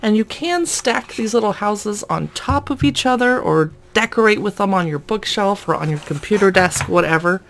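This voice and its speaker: A woman's voice: mid-range voice, expressive, moderate pace, creaky, hardly any pauses. A woman casually narrating a toy unboxing, chatty and amused, often laughing at the items.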